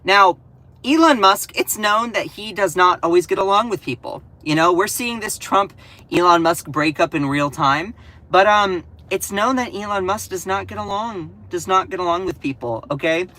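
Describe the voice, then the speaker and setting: A man with a Southern American accent talks through political news on a casual live stream. His delivery is sassy and animated, full of teasing asides. His voice is bright and a little sharp. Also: high-pitched, moderate pace, rough recording. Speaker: political commentator.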